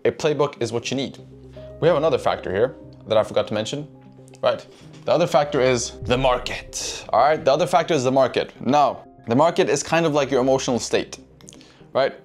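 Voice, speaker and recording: Male trading coach, mid-pitch, casual and profane, talks straight to chat, faint music bed. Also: darkish tone. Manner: profane, keeps asking "right?", addresses chat. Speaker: trading educator. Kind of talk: casual whiteboard trading lesson.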